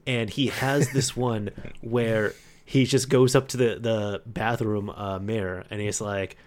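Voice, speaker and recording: A man hosting a casual podcast, telling stories in a chatty, animated way. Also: on the low side, a little slow. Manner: chatty storyteller, animated retellings. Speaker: podcast host. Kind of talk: casual chat.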